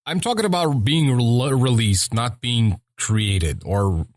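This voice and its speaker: A man in casual podcast chat, rambling loosely and cursing often. His voice sits close and dry, with no room sound around it. He talks at an ordinary pitch. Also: animated, slow pace, dry recording. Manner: rambling and profane. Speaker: podcast host.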